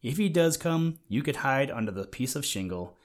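Man doing little wind breezes, excited, eager, storybook, high-pitched bursts, louder. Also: moderate pace, natural voice. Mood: hopeful.

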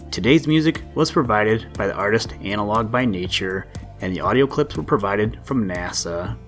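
A man hosting a podcast, reading a children's story aloud in a gentle, measured storytelling manner. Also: on the low side, lively intonation, faint music behind. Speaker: podcast host and story reader. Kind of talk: storybook read-aloud narration.

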